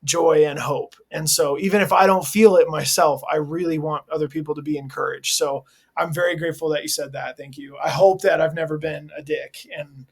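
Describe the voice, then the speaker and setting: A man's voice: fairly high pitch, steady tone, fairly quick, breathy edge. A man in his forties, a hardcore vocalist being interviewed, talking candidly in a laid-back, earnest way full of slang fillers. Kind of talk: candid casual interview talk.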